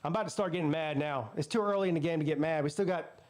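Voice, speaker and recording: A man's voice: on the high side, rapid-fire. A man hosting a live football watch party, casually ranting and telling stories with plenty of swearing. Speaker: sports channel host. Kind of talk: live game watch-party commentary and storytelling.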